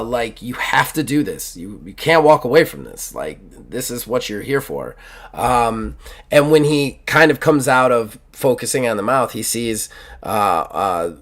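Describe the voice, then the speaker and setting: A male host running a journaling tabletop game, rambling and enthusiastic with many fillers. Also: medium pitch.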